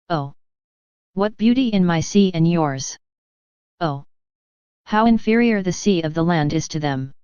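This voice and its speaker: A solemn, gentle Jesus, as a woman reads his words, speaking slowly and with measured weight. The voice sits low and very smooth. The audio is dry and slightly dull, like a lo-fi home recording. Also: dry recording, lightly acted. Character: Jesus speaking tenderly to a soul, male. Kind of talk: devotional reading.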